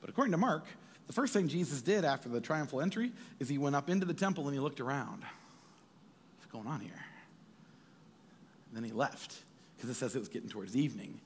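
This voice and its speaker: A man preaching a sermon as a pastor, in an animated way, acting out voices from the text. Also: mid-range voice, quick pace, big-room sound, slight background noise. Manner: animated, acts out voices of biblical figures.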